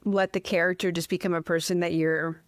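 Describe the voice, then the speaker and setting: A woman's voice: fairly low pitch, little pitch movement, brisk, no room sound. Conversational woman host, close dry mic. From New England, US. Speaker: podcast host. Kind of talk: casual interview chat.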